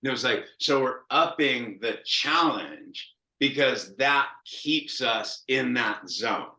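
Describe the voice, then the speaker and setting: A man in his thirties coaching quarterbacks, talking in a loose, cursing, storytelling way. His voice is bright and forceful. It rings out in an echoey room. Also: medium pitch, slow pace. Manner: profane, animated storytelling with acted quotes. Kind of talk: casual coaching talk.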